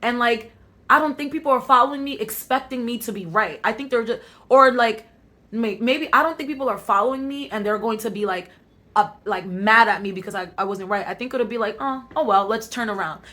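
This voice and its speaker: A woman's voice: on the high side, fairly quick, pushed and bright. A young woman with an African American Vernacular English accent, talking candidly to her camera in a casual vlog, reflecting on herself and talking herself into confidence. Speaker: vlogger.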